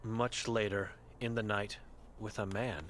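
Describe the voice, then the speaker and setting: A man's voice: lowish voice, steady tone, measured pace, fairly bright tone, slight background noise. A man reading the chalkboard words of an old blind, mute woman in a game, in terse, broken phrases. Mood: cryptic.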